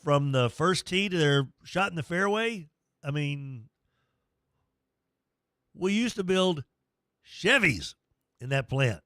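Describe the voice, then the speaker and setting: A man's voice: a little high, lively intonation, slow pace, long pauses, a bit bright, no echo, studio quality. A middle-aged man hosting sports talk radio, rambling and joking at his own expense. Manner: rambling, jokey, self-deprecating.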